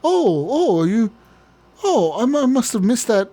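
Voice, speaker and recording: A man's voice: very high-pitched, sing-song, moderate pace, warm tone, voice pushed up, heavily acted. A man putting on the voice of an overly polite, cheerful shopper who shrugs off being overcharged. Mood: cheery. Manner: sweet, accommodating, breezy.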